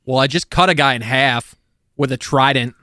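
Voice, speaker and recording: A man playing a tabletop game, talking in an excitable way, swearing a lot and laughing often. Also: medium pitch, moderate pace, clear, resonant tone, no echo, clean studio sound. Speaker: player. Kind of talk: casual chat at a tabletop game.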